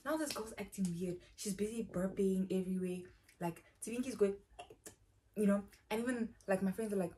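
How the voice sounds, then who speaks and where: A woman's voice: medium pitch, moderate pace, dark tone, slight background noise. A young South African woman telling a casual storytime, rambling and slangy, often saying "bro". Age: young adult. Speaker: YouTuber.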